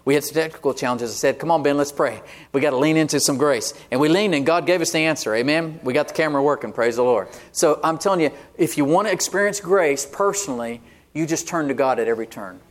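A man's voice: on the high side, expressive, fast. A man preaching a sermon as pastor, conversational and often asking the congregation "Amen?". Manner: call-and-response "Amen?" asides, conversational.

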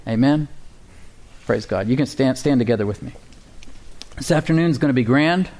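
A man's voice: mid-range voice, lively intonation, moderate pace, a little mellow. A male pastor preaching a sermon and leading a prayer, with a preaching cadence and call-and-response with the congregation.

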